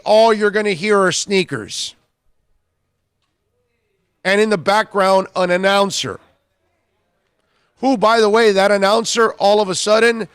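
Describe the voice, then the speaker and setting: A man's voice: high-pitched, clear, resonant tone, no echo. A man hosting a sports talk radio show, bluntly scolding listeners with repeated rhetorical questions.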